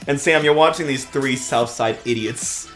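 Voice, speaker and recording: A man's voice: mid-range voice, normal speed, a bit bright, faint music behind. A man narrating as game master in a loose, casual way, often laughing.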